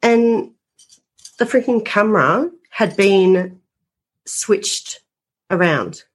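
A woman's voice: medium pitch, expressive, extremely slow, slightly rough. A woman, a paranormal investigator telling stories as a guest in a casual interview, rambling and full of fillers.

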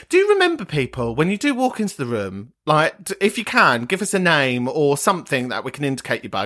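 Very animated, sweary male podcast host. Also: fairly high pitch. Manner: chatty, sweary, gossipy, laughs often. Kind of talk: casual chat reacting to listener voice notes.

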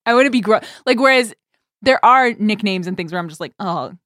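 A woman co-hosting a podcast, chatting casually and rambling through her thoughts with frequent giggles. Her pitch swings about lively. The sound is dry and close. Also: a little fast, dry recording. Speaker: podcast co-host. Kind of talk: casual chat.

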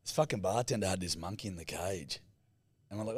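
A man's voice: low voice, moderate pace, pauses often, slightly rough, no room sound. A man co-hosting a podcast, swearing constantly and telling crude yarns in casual banter. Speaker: podcast co-host.

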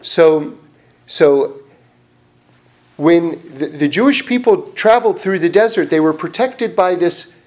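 Talking a little slowly in a fairly high voice, a man teaches an informal Torah class. He reasons through a question in a lively, talkative way, full of fillers and restarted sentences.

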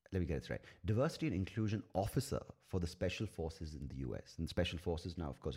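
Deep-voiced, sweary male podcast ranter. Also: a little mellow. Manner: profane, sarcastic, opinionated. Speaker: podcast host. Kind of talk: solo podcast rant.

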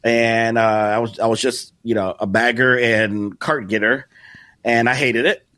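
A middle-aged man from the Chicago area, a podcast guest telling a story. He talks in a casual, animated way, acting out the people he quotes and often restarting his sentences. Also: mid-range voice, measured pace, no room sound. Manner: animated, acts out quoted voices, many restarts. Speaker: guest, content creator.

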